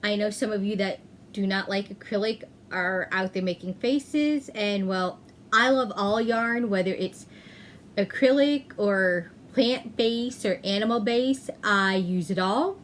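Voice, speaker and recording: A woman hosting a knitting podcast, chatting casually, often pausing with "um" and correcting herself mid-sentence. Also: mid-range voice, slight background noise. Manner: chatty, self-correcting, frequent "um". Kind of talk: casual chat.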